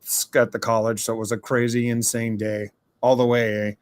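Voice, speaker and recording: A man's voice: medium pitch, little pitch movement, a little fast, dry recording, clean studio sound. A man leaving a rambling, casual voice message for a podcast, tagging "eh" onto his sentences. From Minnesota, USA. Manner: rambling, ends sentences with a questioning "eh".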